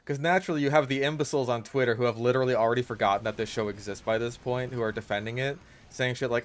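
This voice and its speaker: A man's voice: mid-range voice, steady tone. Exasperated sweary male gameplay commentator. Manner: halting, restarts with lots of "like". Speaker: gaming YouTuber.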